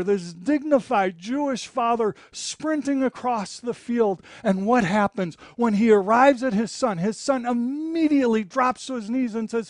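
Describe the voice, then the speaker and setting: A man preaching a sermon as pastor, swinging between loud emphatic lines and hushed, low passages. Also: no room sound, studio quality.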